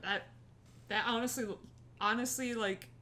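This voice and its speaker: A woman co-hosting a podcast, chatting casually about a movie in a relaxed way with many fillers. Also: on the high side, measured pace. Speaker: podcast co-host. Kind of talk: casual movie review chat.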